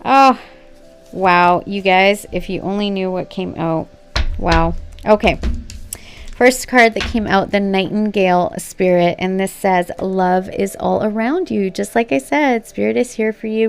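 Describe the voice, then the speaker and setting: A woman's voice: mid-range voice, fairly even intonation, normal speed, clear, resonant tone, soft background music. A woman doing a casual spoken tarot reading at home, gushing and affirming as she talks straight to her viewers. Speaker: tarot reader. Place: home room at a reading table.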